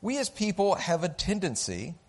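A man with a breathy voice that sits high tells a parable to a live audience at a moderate pace. Animated throughout, he performs the characters' voices as he goes.

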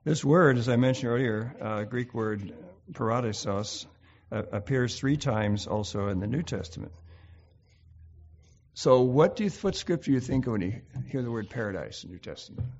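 A man's voice: mid-range voice, lively intonation, normal speed, darkish tone. Man, bible study host, loose and musing, reads passages aloud, dull lo-fi sound. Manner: thinks aloud, reads scripture with frequent fillers. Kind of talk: informal Bible study talk.

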